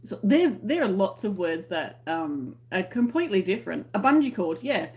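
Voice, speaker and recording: A chatty Australian woman on a relaxed livestream, reading out viewer comments and explaining everyday words. She talks in a loose, giggly way, pitched in the middle for a woman. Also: moderate pace. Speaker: crochet livestream host.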